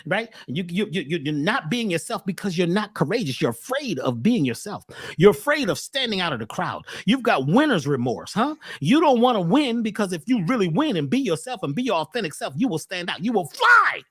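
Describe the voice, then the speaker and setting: Brief: preachy motivational man, punning and cursing, lively swinging delivery, dry close sound. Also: sits high, a little fast, no room sound. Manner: animated, preachy, punning and profane. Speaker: speaker and workshop teacher. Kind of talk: motivational lecture on a call.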